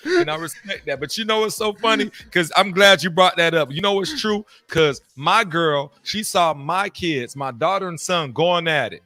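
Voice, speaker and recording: A man co-hosting a casual podcast chat, telling stories in an animated, slangy way. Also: sits high, normal speed, no room sound. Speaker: podcast co-host.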